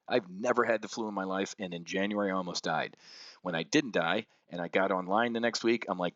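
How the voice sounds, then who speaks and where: A man with a low voice delivers an unscripted market rant, blunt and profane, swinging from angry outbursts to heavy, somber stretches. The sound is dull and lo-fi, recorded close in a dry room with no echo. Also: quick pace, a bit bright. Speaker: options trading show host.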